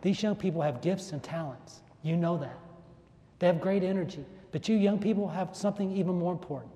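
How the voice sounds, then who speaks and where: A man's voice: sits high, a little fast, warm tone. A man preaching a homily in an emphatic way, repeating phrases for stress and letting his voice rise and fall. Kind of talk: sermon. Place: large church. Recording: echoey church hall.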